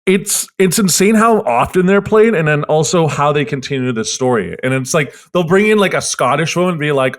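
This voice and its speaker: A man from Canada co-hosting a podcast, telling animated stories and mimicking ad voices. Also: a little high, moderate pace, hardly any pauses. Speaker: podcast co-host. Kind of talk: casual banter.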